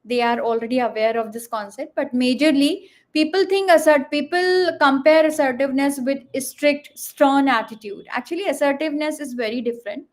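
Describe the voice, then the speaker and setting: A woman's voice: high-pitched, fairly quick, hardly any pauses. A woman speaking as a guest on a leadership panel, explaining communication techniques with frequent fillers and spoken examples.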